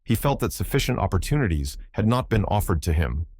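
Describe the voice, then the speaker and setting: Male audiobook narrator, low voice, dry close sound. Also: sing-song, a little fast, darkish tone, husky, no echo.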